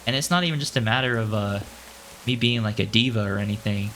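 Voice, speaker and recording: A man casually commenting on his own gameplay, chatty and playful, thinking out loud and jumping up in pitch when excited. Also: quick pace, slight background noise. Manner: chatty and playful, calls himself "your boy". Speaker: gaming channel host.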